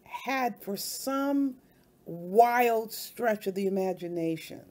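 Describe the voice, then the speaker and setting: A woman's voice: mid-range voice, expressive, takes it slowly, darkish tone. A woman hosting her own channel, talking over clips in a combative, mocking commentary. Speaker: channel host.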